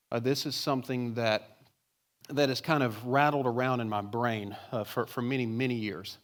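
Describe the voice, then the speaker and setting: A pastor preaches a sermon to his congregation in church, his medium-pitched voice steady and moderately paced. He talks conversationally and asks many rhetorical questions, with a little hiss or hum in the recording.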